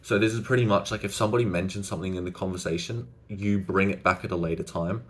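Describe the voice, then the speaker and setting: A young man talks through conversation tips straight to the camera, casual and unscripted, often stopping to rephrase. His voice sits a little low. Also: fairly even intonation, fast. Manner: loose and conversational, many "like" fillers and restarts. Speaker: social skills coach. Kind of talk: casual to-camera advice talk.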